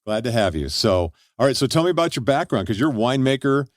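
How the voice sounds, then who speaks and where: A man's voice: mid-range voice, big pitch swings, quick pace, no echo. A man hosting a radio show in a studio, upbeat and easygoing, laughing along and keeping a casual interview moving.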